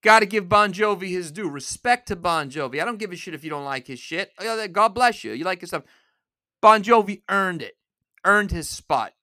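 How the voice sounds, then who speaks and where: A man hosting a podcast alone, delivering an angry, profane rant that bursts into shouting. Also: high-pitched, lively intonation, moderate pace, no echo, studio quality. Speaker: podcast host. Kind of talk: solo ranting podcast.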